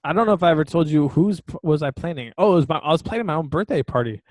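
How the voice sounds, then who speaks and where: A man's voice: fairly high pitch, lively intonation, racing, darkish tone, no echo. A man co-hosting a podcast, telling a story in a loose, laughing way with lots of fillers. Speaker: podcast co-host. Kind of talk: casual chat.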